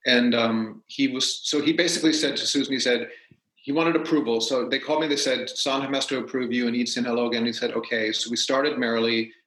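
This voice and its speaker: A man, a stage actor as a guest, telling stories in a casual, animated way and acting out what people said. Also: mid-range voice, brisk. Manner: animated, acts out quotes. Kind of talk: casual storytelling. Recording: roomy echo.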